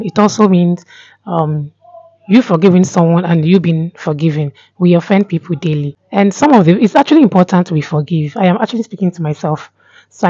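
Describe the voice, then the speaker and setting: A young woman talking straight to camera in a casual vlog, earnest and repetitive, pausing often with "um". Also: fairly low pitch, mellow, no echo. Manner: earnest, repeats herself, many pauses with um. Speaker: vlogger. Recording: dull lo-fi sound.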